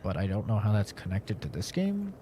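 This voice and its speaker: A young male streamer talks over a horror game, sarcastic and profane, with a mellow, darkish tone. His pitch swings widely as he chats. Faint noise sits under his voice. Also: sing-song, a little fast. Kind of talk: casual gaming commentary.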